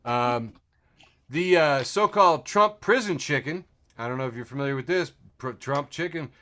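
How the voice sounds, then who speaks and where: Man, podcast host, bright tone, sardonic, rambling, swears often, video call. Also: on the high side, lively intonation, moderate pace. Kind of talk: casual news-and-memes chat.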